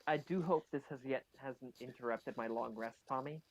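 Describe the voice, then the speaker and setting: A man's voice: medium pitch, normal speed, poor audio. A man playing a tabletop game, sounding dry and exasperated. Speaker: player.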